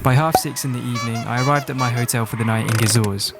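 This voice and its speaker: A man's voice: mid-range voice, fast talker, gravelly. A young man with a London accent narrating his cycling vlog in chatty British slang, calling viewers lads and mate. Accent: London English. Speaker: travel vlogger. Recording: music bed under voice-over.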